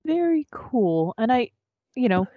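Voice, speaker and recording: A woman's voice: on the high side, sing-song, no room sound, narrow, tinny audio. A woman hosting a podcast interview, chatty and casual, asking friendly questions over a video call. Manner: chatty, quick backchannels and laughs. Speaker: podcast host.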